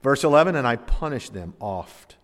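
A man preaching a sermon, reading scripture aloud and explaining it dramatically, swinging between loud emphasis and hushed asides. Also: medium pitch, animated, moderate pace. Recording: long reverb of a large hall.

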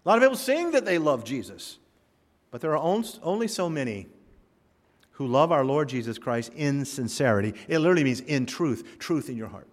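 A man's voice: mid-range voice, very animated, brisk. A man preaching a sermon, telling stories with humor and driving home emphatic points. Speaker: pastor. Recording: long reverb of a hall.

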